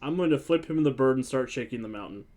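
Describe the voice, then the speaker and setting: A man playing a tabletop game, excitable and playful, hamming it up. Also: medium pitch, quick pace. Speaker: player. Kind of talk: casual tabletop play.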